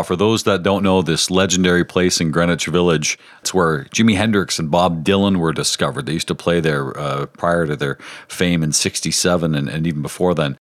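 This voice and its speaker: A middle-aged male podcast host with a lowish voice tells a story with easy chuckles. The sound is dry and close, with no room around it. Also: dry recording. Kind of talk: casual chat.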